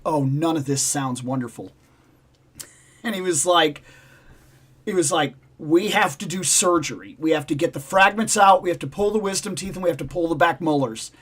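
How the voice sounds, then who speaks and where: A man hosts a casual livestream and tells a long personal story. His voice sits a little higher than most men's. He rambles and repeats himself, slipping into the voices of the people in his story. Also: fairly bright tone. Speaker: livestream host.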